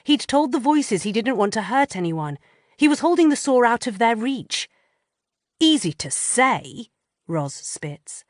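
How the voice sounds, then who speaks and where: A woman reading a first-person audiobook in an expressive, measured way on a close studio mic. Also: fairly high pitch, dry recording. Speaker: audiobook narrator.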